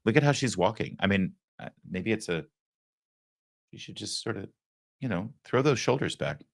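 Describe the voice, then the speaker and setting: A man's voice: fairly low pitch, expressive, normal speed, creaky. A middle-aged man hosting a political commentary show, talking sarcastically with mocking asides. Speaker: host.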